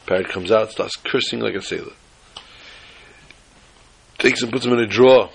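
A man teaching an informal Torah class, telling jokes and stories with lively jumps in pitch for emphasis. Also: normal speed, vocal fry, slight background noise. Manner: animated storyteller who jumps to high pitch for emphasis.

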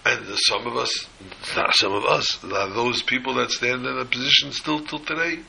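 A man's voice: mid-range voice, fairly even intonation, normal speed, gravelly, pushed and bright, slight background noise, rough recording. A man preaching a sermon, telling a parable in an emphatic way and mixing in Hebrew and Yiddish terms. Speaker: rabbi.

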